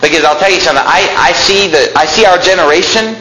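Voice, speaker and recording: Young guy preaching, bright edgy voice, reads scripture then gets fired up, echoey room. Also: high-pitched, fast, a little hiss or hum. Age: young adult. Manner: reads scripture then explains it in plain talk, rising to fervent emphasis. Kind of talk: sermon. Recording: echoey room with faint ambience.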